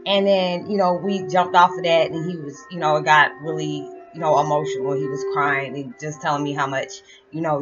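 A woman's voice: low voice, fairly even intonation, moderate pace, few pauses. A middle-aged woman telling a personal story in a casual, chatty way, full of "you know" fillers. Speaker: storyteller vlogger. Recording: dull lo-fi with background music.

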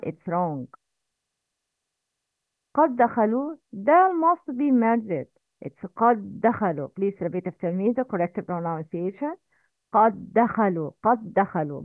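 Lively woman teacher on tinny audio. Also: mid-range voice, no room sound. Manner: slow, drilling repetition with corrections. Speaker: Quran recitation teacher. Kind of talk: recorded language lesson. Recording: tinny phone-like audio, dry.

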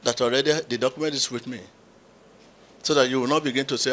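A middle-aged man preaching as a pastor, telling a story to his congregation in an animated way. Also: mid-range voice, fast talker, a little hiss or hum. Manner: animated storyteller who acts out quotes with sudden loud exclamations.

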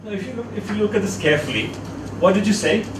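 During a classroom lecture, a man talks fast and expressively in a high-pitched voice, questioning students as he guides a word exercise. It's recorded from a distance in an echoey room full of background noise.

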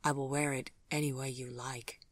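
Guy reading an ageless proud gentleman, calm formal talk, dry close sound. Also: medium pitch, normal speed, no room sound, natural voice. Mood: easy. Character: proud ageless man, looks young, gently stern.

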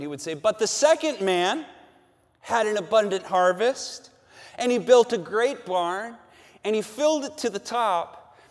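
High-voiced pastor preaching in a reverberant hall. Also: male voice. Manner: emphatic, repeats phrases with rising force. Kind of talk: sermon. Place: large church sanctuary.

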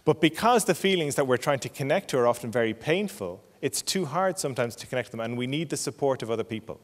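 Irish man explaining, lively pitch. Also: in a large hall. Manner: explanatory, checks in with frequent "okay?". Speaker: clinical psychologist. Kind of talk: parenting talk to camera.

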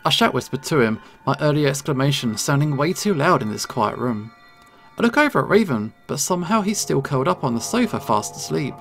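A man, a gaming YouTuber, reading a visual novel aloud with expressive, dramatic delivery and brief casual asides. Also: a little high, fairly quick, gravelly, faint music behind.

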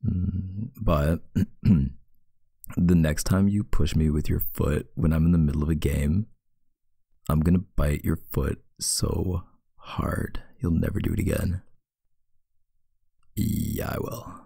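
A man in a playful, teasing boyfriend whispered role-play, talking softly and intimately. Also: rumbling low, fairly even intonation, takes it slowly, vocal fry, breathy edge, no echo, studio quality.

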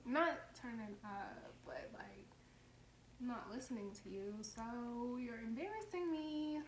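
A young woman vlogger recounts a story in a blunt, animated, profanity-laced way. Her voice sits on the high side and rings in an echoey room. A faint hiss runs under it. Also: takes it slowly. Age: young adult. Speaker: vlogger and lash tech. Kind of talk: storytime monologue.

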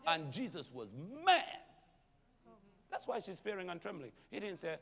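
A man preaching a sermon as pastor, animated, calling out to the congregation and chuckling between points. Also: fairly high pitch, normal speed, gravelly, in a large hall. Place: church sanctuary.

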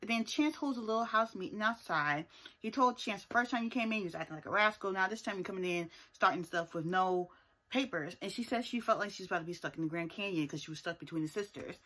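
A woman talking straight to her audience in a casual vlog, recapping a reality show with plenty of sass. She presses her opinions hard and tags many of them with a pointed "okay?". Her voice sits at an ordinary middle pitch. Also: fast talker, pushed and bright. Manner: sassy and emphatic, often tags points with "okay?". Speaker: TV show reviewer.

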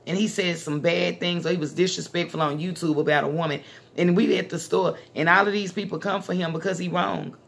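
A woman's voice: on the low side, steady tone, a little fast, vocal fry, husky. A woman from Dallas, hosting a casual talk conversation in a blunt, emphatic manner. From Dallas, Texas. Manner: blunt, emphatic, street-talking. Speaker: channel host.

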